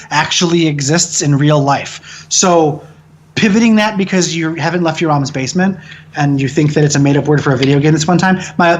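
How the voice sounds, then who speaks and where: A man in his thirties talking casually as an interview guest, opinionated and profane, often slipping into mocking voices to make a point. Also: fairly high pitch. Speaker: film director and guest.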